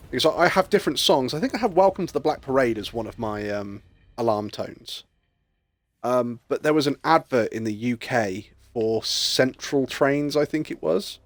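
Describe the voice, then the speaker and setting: A man's voice: medium pitch, dry recording. Casual brit guy on stream, rambly, sweary, giggles at his own stories, really dry sound. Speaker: streamer host. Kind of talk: casual chat.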